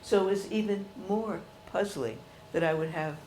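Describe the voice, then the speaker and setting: An older woman telling personal stories to an audience in a chatty, animated way. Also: medium pitch, normal speed, a little hiss or hum. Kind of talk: storytelling talk.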